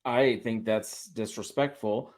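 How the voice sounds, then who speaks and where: A man giving fantasy football picks in a casual chat, relaxed and hesitant with frequent fillers. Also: on the low side, slow. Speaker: fantasy sports analyst. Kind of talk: casual sports betting chat.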